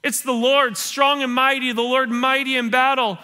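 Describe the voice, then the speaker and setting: A pastor with a high, bright and ringing voice preaches a church sermon. His delivery is conversational and playful. He keeps slipping into the voices of his listeners to act out what they are thinking. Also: level tone, normal speed, hardly any pauses, clear, resonant tone. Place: church service.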